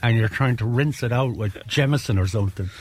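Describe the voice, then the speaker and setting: A man's voice: medium pitch, a little fast, darkish tone. A man, hosting a casual radio chat and reading out listener messages. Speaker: radio host.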